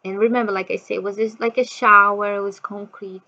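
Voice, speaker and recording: Woman, vlogger, casual storytelling, animated, bright voice, dull lo-fi sound. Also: a little fast. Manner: animated, laughs often, acts out quotes in higher voice.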